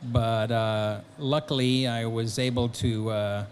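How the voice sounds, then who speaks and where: A man, a guest actor and author, telling lively anecdotes at a convention Q&A, acting out bits of dialogue. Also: medium pitch, slow pace, slight background noise. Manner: animated storyteller, acting out quotes. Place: convention hall.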